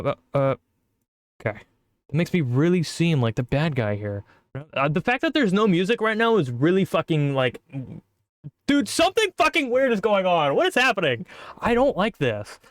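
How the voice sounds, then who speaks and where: A man chatting through a game stream in excitable, swearing, stammering commentary. His voice sits a little high for a man, recorded close and dry on a desk mic. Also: clear, resonant tone, no echo. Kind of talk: casual gaming commentary.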